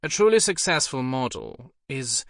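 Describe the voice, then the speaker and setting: A man's voice: mid-range voice, sing-song, moderate pace, creaky, fairly bright tone, dry recording, studio quality. A man voicing an aloof, elegant female agency head with a bored cut-glass upper-class English accent. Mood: lecturing.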